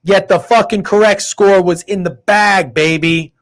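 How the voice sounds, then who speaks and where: Loud trash-talking guy on a betting podcast, kinda high voice, swears a lot. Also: steady tone, a little slow. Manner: brash, profane, trash-talking. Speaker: sports betting podcast host. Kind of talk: casual sports betting chat. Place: podcast studio.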